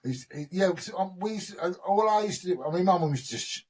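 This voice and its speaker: A man's voice: high-pitched, lively intonation, slightly rough. A middle-aged man, telling rambling stories in a casual chat and laughing as he goes. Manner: rambling, chatty storyteller, quick to laugh. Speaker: host.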